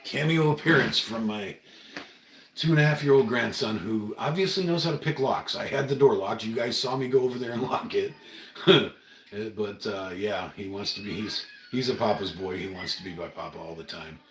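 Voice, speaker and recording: Brief: middle-aged man, low and earnest, talking a bit off-mic in a roomy home room. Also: normal speed, far from the mic, background noise. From Oregon, USA. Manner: earnest, rambling, emotional. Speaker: livestream host. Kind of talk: casual livestream monologue.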